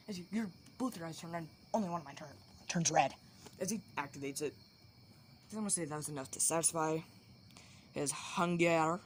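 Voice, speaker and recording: A woman makes up an anime crossover story as she goes, rambling on with fillers and restarts. Her voice sits fairly low, with faint background noise. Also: fairly quick. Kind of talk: improvised fan story narration.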